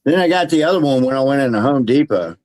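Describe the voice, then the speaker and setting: A man's voice: medium pitch, animated, fast, a little mellow, dry recording, low-quality recording. An older man telling a funny anecdote in a casual, giggly way during a livestream. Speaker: livestream guest. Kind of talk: casual storytelling.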